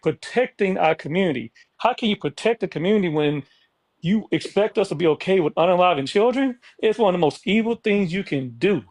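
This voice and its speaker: A man's voice: high-pitched, no echo. A man speaking bluntly and emphatically as a guest in a heated live panel debate.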